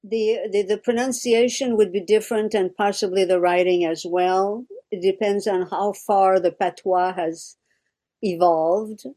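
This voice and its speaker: A woman's voice: mid-range voice, steady tone, unhurried, warm tone. Woman, thoughtful and searching. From Quebec. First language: French. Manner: reflective, searching for words, frequent restarts. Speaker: guest. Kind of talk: casual conversation.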